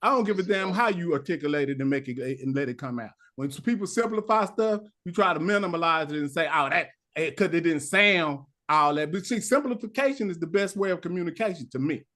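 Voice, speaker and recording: A man's voice: high-pitched, animated, fast, hardly any pauses, fairly bright tone. A man co-hosting a podcast who argues emphatically in a heated casual debate, often restarting his sentences. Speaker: podcast co-host.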